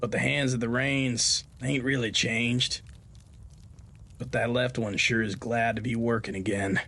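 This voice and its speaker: A man's voice: medium pitch, fairly even intonation, a little slow, gravelly, bright, forceful tone. A man hosting a podcast of Western horror tales, narrating a story in a folksy, homespun way.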